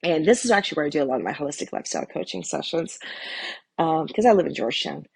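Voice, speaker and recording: A middle-aged woman with a low, gravelly and husky voice, speaking straight to the listener like a coach. She is blunt and emphatic and drops casual curse words. The sound is dry and close, with no room around it. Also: sing-song, quick pace, a little mellow, no room sound. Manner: blunt and candid, casual swearing; emphatic, direct address to viewer. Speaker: holistic lifestyle coach. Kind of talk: motivational talk to camera.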